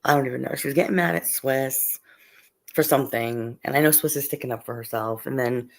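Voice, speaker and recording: A woman's voice: a bass voice, a little fast, creaky. A woman chatting casually on a livestream, rambling with many fillers and restarts as she gossips. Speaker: livestream co-host.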